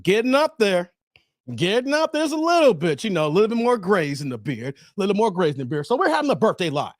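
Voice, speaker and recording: A man, hosting a casual livestream and chatting hyped with viewers, laughing and shouting them out. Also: sits high, big pitch swings, fast, dry recording, clean studio sound. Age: 40s. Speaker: livestream host. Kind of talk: casual livestream chat reading viewer comments.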